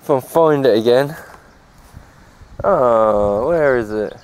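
The audio is poor, but this man's mid-range voice comes through dark, clear and resonant as he talks slowly. He's a cycle-touring vlogger chatting casually to the one-handed camera he holds while riding a rural path, rambling and swearing freely.

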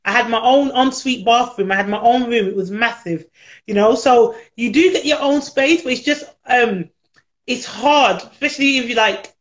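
A chatty British nanny from the UK talks about her job in a relaxed interview, laughing a lot and imitating the people she quotes. Her voice is a little high and her speed is normal, captured with lo-fi sound.

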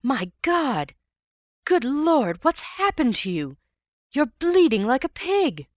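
A man voicing a startled middle-aged bank manager who exclaims in a raised, loud voice. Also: high-pitched, big pitch swings, unhurried, no echo, clean studio sound, voice pushed up, heavily acted. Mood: shocked.

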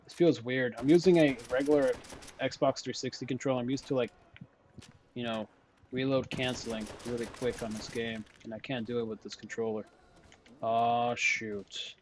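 Young male gamer, excitable running commentary, slightly worn voice, faint background noise. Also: medium pitch, normal speed. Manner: excitable, jokey, talks to himself. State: voice starting to go hoarse. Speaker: gaming commentator. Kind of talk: gameplay commentary.

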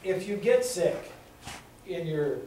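An expressive, mellow voice on the high side belongs to a middle-aged congressional candidate who speaks slowly, telling homespun stories and repeating points for emphasis. He is in an indoor meeting room, recorded from afar with echo and a little hiss or hum.

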